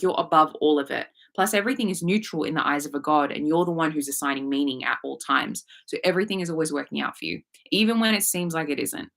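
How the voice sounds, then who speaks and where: A woman's voice: fairly low pitch, gravelly, a bit bright. A woman with an Australian accent, a manifestation coach talking casually on a livestream, frank and swearing freely. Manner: frank, swears casually, reads viewer comments aloud. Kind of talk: casual live coaching talk.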